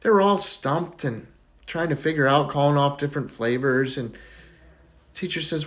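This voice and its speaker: A man telling off-color jokes in a casual way, who laughs loudly at his own punchlines. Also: a little high, expressive, moderate pace. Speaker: joke teller.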